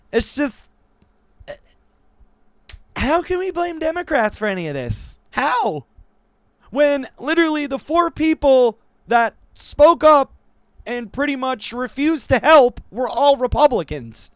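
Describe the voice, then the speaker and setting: Animated, swearing man ranting on news. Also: very high-pitched, slow, long pauses, no room sound. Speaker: political commentary YouTuber. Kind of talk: profane reaction commentary reading news. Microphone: new desk microphone.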